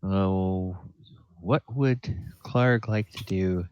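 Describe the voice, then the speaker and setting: A man with a very deep voice runs a tabletop game as game master, talking slowly and thinking aloud with plenty of fillers. He sounds close and dry, with no room around him. The audio is dull and lo-fi. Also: a little mellow, clear, resonant tone, no room sound.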